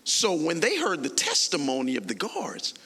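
A male pastor preaching a sermon in a playful, conversational, animated manner. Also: on the high side, normal speed, breathy edge, long reverb tail.

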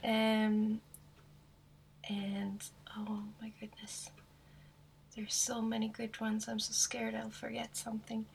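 A shy woman with a non-American accent, speaking softly and hesitantly as a guest on a podcast. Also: on the high side, monotone, slow, vocal fry, long pauses, a little hiss or hum. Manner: shy, soft-spoken, hesitant with frequent fillers. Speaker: guest artist. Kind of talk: casual podcast interview.

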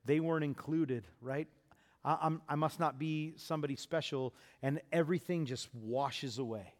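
A man preaching a sermon, acting out the voices of the people in his story and speaking with lively, conversational emphasis. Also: on the high side, moderate pace, in a large hall. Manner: animated, acts out Jesus and disciples. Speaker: pastor.

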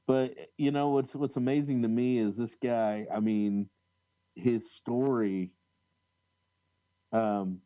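A man's voice: mid-range voice, dry recording, dull audio. A man co-hosting a casual talk on religious history, reading old accounts aloud with frequent fillers and restarts. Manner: halting, many restarts and fillers, reads quotes aloud. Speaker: podcast co-host.

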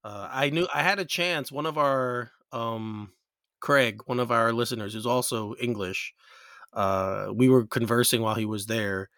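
An American man hosts a casual podcast chat in a medium-pitched voice. He rambles through his points with frequent fillers and restarts. The sound is close and dry, with no room echo. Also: fairly even intonation, a little slow, fairly bright tone. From United States. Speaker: podcast host. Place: New York.

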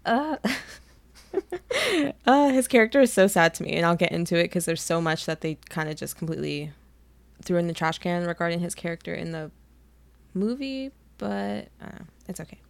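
A woman's voice: on the low side, expressive, normal speed, vocal fry. A young woman co-hosting a podcast in casual chat, gushing like a fangirl and laughing often. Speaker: podcast co-host.

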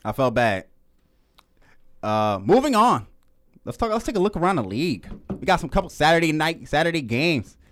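A man's voice: on the high side, sing-song, moderate pace, long pauses, a bit bright, a little hiss or hum. A man hosting a casual sports talk show, rambling and correcting himself, often laughing. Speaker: host.

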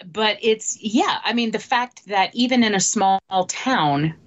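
A woman's voice: mid-range voice, expressive, a little slow. A woman co-hosting a casual film review podcast, speaking hesitantly with many ums and restarts. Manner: hesitant, lots of ums and restarts, laughs easily. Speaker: podcast co-host. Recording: dull, muffled sound.

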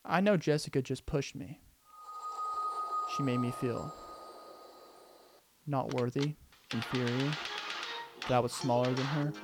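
A man voicing a schoolgirl who calmly reasons through being bullied, speaking softly and thoughtfully. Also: mid-range voice, music in the background, natural voice. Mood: calm, reflective. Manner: soft, slow, thoughtful inner monologue.

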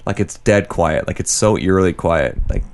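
A man's voice: sits low, lively intonation, normal speed, creaky, darkish tone, clean tone. A young man from Canada telling a long story in casual podcast chat, peppered with fillers. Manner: rambling storyteller, heavy use of "like". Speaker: podcast co-host.

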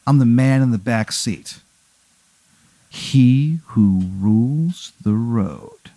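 A man voicing a smoke-faced demon who sits in the back seat and rules the road, speaking slowly and with menace. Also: expressive, mellow, no room sound. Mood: menacing. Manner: slow, low, menacing.

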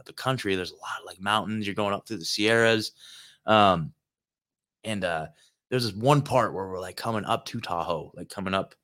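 The host of his own show rambles through a road-trip story from a hotel room, with lots of filler words and cursing. His voice is lowish with a slightly bright quality.

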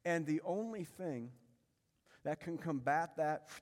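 In a church sanctuary with long large-hall reverb, a man preaches slowly as pastor, his voice on the high side and expressive. He speaks emphatically, repeating key phrases and posing rhetorical questions to the congregation.

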